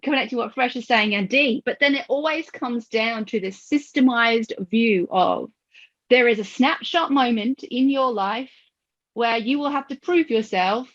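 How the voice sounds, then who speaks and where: A woman hosting a podcast, telling stories with lively acted-out quotes and frequent laughter. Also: a little high, a little slow. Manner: animated storyteller who acts out quoted voices and laughs often. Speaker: podcast host. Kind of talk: conversational podcast discussion. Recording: dull lo-fi audio.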